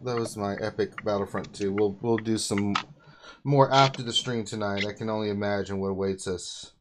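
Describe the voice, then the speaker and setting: A man hosting a casual livestream chat, telling stories in an excitable way and laughing often. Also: on the low side, moderate pace, noisy background. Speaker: host.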